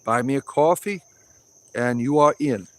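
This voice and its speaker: A man in a casual livestream chat, speaking at an ordinary middle pitch. He answers viewers bluntly and offhandedly, slipping into preachy little sermons. He is recorded outdoors in a wooded grove. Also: measured pace, fairly bright tone. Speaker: livestream host reading chat.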